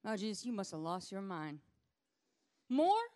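A woman voicing a group of startled young male disciples, talking high and loud in disbelief. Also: a little fast, close to an everyday voice. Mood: baffled. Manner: high-pitched, loud and incredulous. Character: excited bewildered male disciples, young men.

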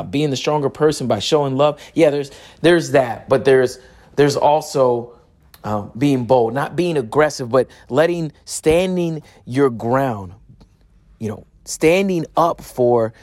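A man giving personal testimony, halting and searching for words, with frequent restarts. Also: on the high side, darkish tone.

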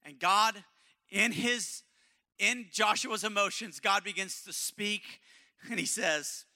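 Guy preaching at church, high bright voice, a bit hoarse, goes quiet then loud. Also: slow. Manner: impassioned, swinging from hushed to loud. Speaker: pastor. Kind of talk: sermon. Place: church service.

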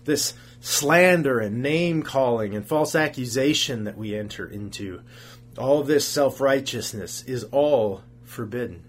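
A man's voice: medium pitch, lively intonation, a little slow, a little hiss or hum. A man preaching a sermon as a pastor, earnest, asking rhetorical questions and repeating phrases for emphasis.

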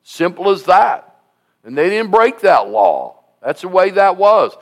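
A sing-song voice that sits high and moves a little slowly belongs to a pastor in his seventies. His sermon is emphatic and exhorting, full of repeated "listen to me" and scripture read aloud in King James phrasing.

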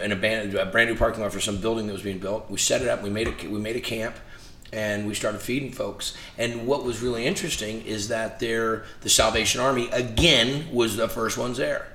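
A man's voice: fairly low pitch, brisk. A man guest in a conversation, telling stories animatedly and acting out the dialogue. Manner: animated storyteller, acts out quoted dialogue. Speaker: interview guest. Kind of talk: casual storytelling in conversation. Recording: echoey room with faint noise.

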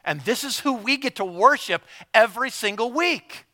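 A man preaching a sermon in a conversational way, repeating words as he goes and acting out quick asides. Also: extremely high pitch, expressive, sharp tone. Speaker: pastor.

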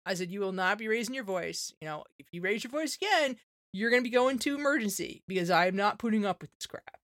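A woman's voice: medium pitch, fast talker, no echo. Chatty woman vet with a dry close sound. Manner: animated storyteller, acts out her own quotes; many fillers like "like" and "you know". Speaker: veterinarian, podcast co-host. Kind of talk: casual podcast chat.

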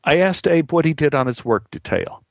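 A man's voice: on the high side, lively intonation, normal speed, creaky, no room sound. A man telling a true story in a conversational, earnest way. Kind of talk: spoken storytelling.

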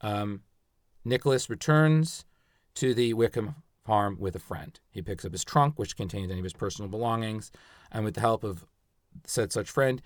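Male podcast host with a lowish voice, dry sound, explains things in a casual, hesitant way. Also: no echo. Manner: explanatory, hesitant with fillers and restarts. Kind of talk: casual true-crime podcast storytelling.

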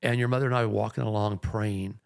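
Gravelly earnest pastor telling a story. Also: male voice, fairly low pitch, steady tone, fast, dry recording, clean studio sound. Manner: rambling, earnest anecdote telling. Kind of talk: storytelling in a podcast chat.

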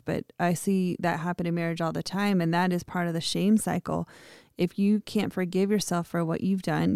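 A woman co-hosting a faith podcast, speaking calmly and reflectively. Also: on the low side, gravelly, clear, resonant tone, no room sound, clean studio sound. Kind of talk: casual faith chat.

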